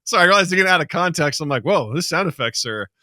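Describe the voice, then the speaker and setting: A man's voice: a little high, animated, fast talker, pushed and bright, no echo, clean studio sound. A man co-hosting a casual podcast, jokey and teasing, laughing often as he quizzes his friend. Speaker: podcast co-host, quizzing his co-host on film clips.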